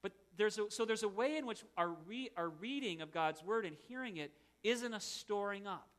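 A man's voice: high-pitched, expressive, moderate pace, a bit bright. A middle-aged man, a pastor, preaching a sermon in an earnest, conversational way with self-deprecating asides.

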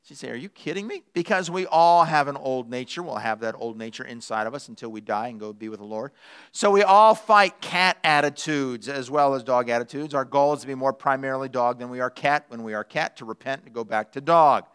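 A man's voice: medium pitch, brisk, fairly bright tone, smooth. A man pastor preaching a sermon in a church, telling a playful story with shifting pace. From United States.

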